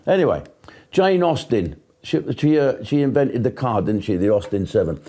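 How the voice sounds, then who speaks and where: A man's voice: on the low side, big pitch swings, moderate pace, dark tone. An older British comedian ranting sarcastically to camera, swearing freely and mocking his targets. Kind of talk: profane stand-up style rant.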